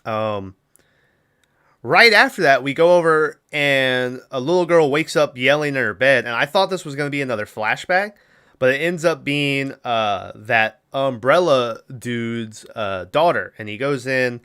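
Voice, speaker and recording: A man's voice: mid-range voice, animated, measured pace, bright, forceful tone, clean tone. A man hosting a podcast, recapping a movie in rambling casual chat with acted-out quotes. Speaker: podcast host.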